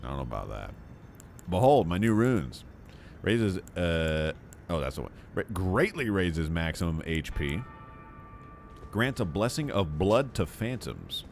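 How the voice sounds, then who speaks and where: A man's voice: low-pitched, very animated, measured pace, vocal fry, slight background noise. A man streaming a video game, chatting casually in a jokey, rambling way and muttering to himself as he plays. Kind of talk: casual gameplay commentary.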